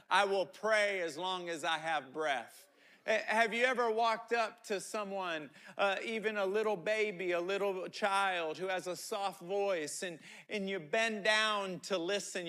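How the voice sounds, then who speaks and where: A man preaching a sermon with a high, bright voice. He talks in an animated, storytelling way and often stumbles over or repeats his words. His pace stays slow and unhurried. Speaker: pastor.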